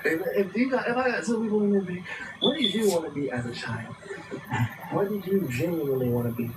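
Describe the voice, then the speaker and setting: A man with a raised, fairly high voice rambles through a preachy, profane talk aimed at his viewers. He sounds set back from the mic, and a TV and room noise carry clearly behind him in his home craft room. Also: lively intonation, a little fast, far from the mic. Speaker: livestream show host. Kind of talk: rambling livestream monologue.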